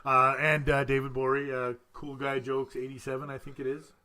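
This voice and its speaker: A man's voice: mid-range voice, little pitch movement, moderate pace, pushed and bright. A man hosting a casual podcast chat, rambling and stumbling over his words, laughing often. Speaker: podcast host.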